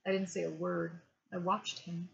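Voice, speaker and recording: A woman reading a novel aloud as a bedtime story, in a hushed, measured way. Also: lowish voice, flat delivery, gravelly, slight background noise. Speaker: reader. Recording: dull lo-fi home recording.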